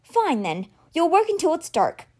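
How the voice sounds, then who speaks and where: A woman voicing an imperious, impatient young male high priest in a read-aloud story, barking orders. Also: wildly swooping pitch, normal speed, darkish tone, exaggerated voice.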